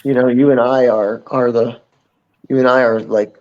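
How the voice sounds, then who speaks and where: A man as a guest in a casual interview chat, speaking in a reflective, unhurried way with many fillers. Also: mid-range voice, level tone, darkish tone, a little hiss or hum. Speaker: podcast guest. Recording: dull lo-fi audio.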